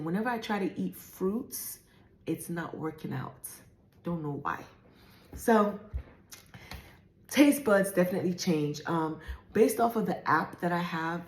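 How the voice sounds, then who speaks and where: A woman's voice: fairly low pitch, darkish tone, reverberant. A woman in her forties giving a casual, candid pregnancy update. She chats with many fillers and restarts and sounds a little out of breath. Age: 40s. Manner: chatty and candid, with many fillers and self-corrections. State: often out of breath. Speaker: vlogger.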